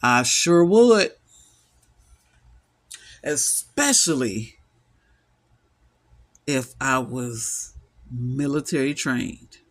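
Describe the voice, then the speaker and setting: A man's voice: medium pitch, lively intonation, drawn-out words, pauses often, a bit bright. A middle-aged man giving an impassioned solo monologue, weary, emphatic and repetitive as he stresses his points. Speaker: vlogger.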